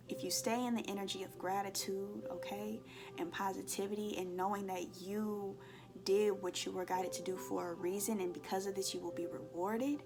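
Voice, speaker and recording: Over soft background music, a woman with a mid-range voice talks a little fast as she gives a collective tarot-style card reading to her viewers. She's earnest, emotional and expressive, acting out inner voices and repeatedly checking in with "okay?".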